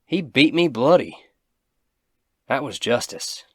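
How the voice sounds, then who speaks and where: Brash rancher, loud and defiant, a bit higher than the man's own low voice, dry sound. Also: sing-song, slow, husky, no echo, full character voice. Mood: defensive. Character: brash rough-spoken male rancher.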